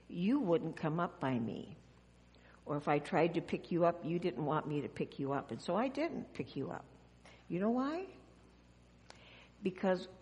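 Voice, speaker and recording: A woman pastor giving a children's message in church, speaking gently and asking the children questions as she goes. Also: on the low side. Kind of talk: children's sermon. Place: church sanctuary. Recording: long church reverb.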